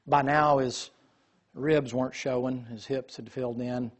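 A man telling a lively story in a sermon, acting out the voices of the people in it. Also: medium pitch, unhurried. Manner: animated storyteller, quotes voices.

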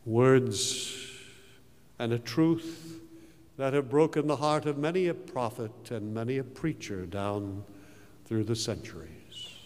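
A man preaching a sermon as dramatic storytelling, with slow, emphatic phrasing. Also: mid-range voice, darkish tone, long reverb tail. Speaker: pastor.

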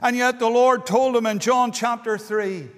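A man's voice: extremely high pitch, fairly even intonation, unhurried, fairly bright tone. A man preaching an earnest, pleading evangelistic sermon in a meeting hall, dwelling on key words. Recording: long hall reverb.

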